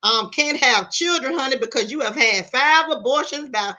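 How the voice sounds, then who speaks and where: Sassy high-voiced woman streamer. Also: lively intonation, moderate pace, pushed and bright. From Virginia, US. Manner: sassy, blunt, calls viewers "y'all" and "honey"; swears freely, dramatic retelling. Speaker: YouTube commentary host. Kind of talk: live-stream gossip commentary.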